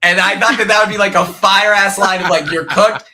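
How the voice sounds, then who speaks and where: A young man guest on a podcast, telling animated stories about his time on a reality show and laughing often. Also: high-pitched, fairly quick. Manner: animated storyteller who acts out quotes and laughs often. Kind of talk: casual podcast chat.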